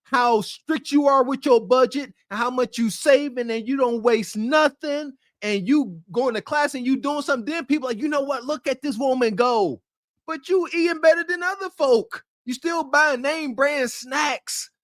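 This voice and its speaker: A man's voice: very high-pitched, normal speed, hardly any pauses, fairly bright tone, dry recording, clean studio sound. A man co-hosting a podcast, giving blunt, slangy, preachy commentary. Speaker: podcast co-host.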